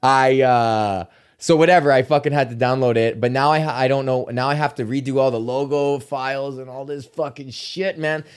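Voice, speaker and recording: A man's voice: mid-range voice, fairly even intonation, normal speed, clear, resonant tone. A man hosting his own podcast in a casual rambling monologue, swearing often and restarting sentences. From Canada. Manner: profane, rambling, with many restarts. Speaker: podcast host.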